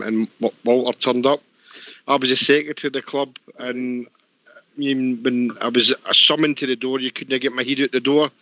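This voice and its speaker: Bright flat-toned Scottish man. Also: mid-range voice, no room sound. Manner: halting, emotional. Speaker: show presenter. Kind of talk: storytelling on a call-in show. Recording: dry dull lo-fi stream audio.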